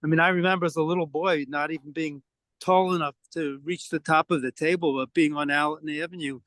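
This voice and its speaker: A man in his seventies from New York City tells stories of growing up, his talk easy and conversational. His voice sits a little high for a man, and the sound is dry and close, with no room around it. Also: steady tone, a little fast, a bit bright, dry recording. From the Bronx, New York City. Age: 70s. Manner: reminiscing, conversational storytelling. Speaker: interviewee. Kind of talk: oral history interview.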